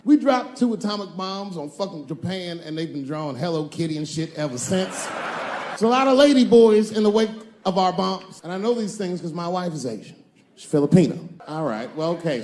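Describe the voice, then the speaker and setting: A man in his forties performs stand-up, his voice sitting fairly high for a man. He talks to the crowd in a loose, profane, conversational way. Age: 40s. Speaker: stand-up comedian. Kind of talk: stand-up comedy. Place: comedy stage before a live audience.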